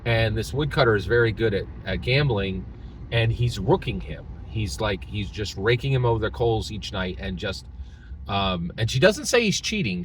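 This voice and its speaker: A man's voice: lowish voice, slight background noise, low-quality recording. A man hosting his channel, casually retelling a tabletop game session and rambling with many restarts. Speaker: channel host.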